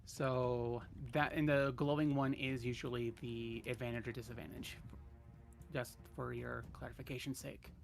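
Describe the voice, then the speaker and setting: A man's voice: medium pitch, flat delivery, normal speed, gravelly, soft background music. A man playing a tabletop role-playing game, describing his character's actions in a casual way and sometimes dropping into a whisper. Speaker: player.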